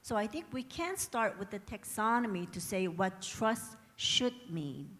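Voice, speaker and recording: A woman's voice: medium pitch, animated, unhurried, a bit bright. A woman who is a lawyer, speaking as a panelist, articulate and often adding a questioning "right?". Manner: articulate, uses frequent tag "right?". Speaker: panelist, lawyer at a tech company. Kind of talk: panel discussion remarks. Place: conference hall. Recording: reverberant conference hall.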